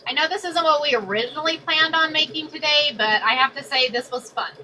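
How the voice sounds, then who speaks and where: A bright, forceful-sounding woman in middle age talks straight to her livestream viewers as she sews. Her voice sits fairly high. She is excitable and chatty and says everything twice. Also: brisk, slight background noise. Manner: excitable, repeats herself, says y'all often. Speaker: craft livestream host. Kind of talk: casual livestream chat while sewing.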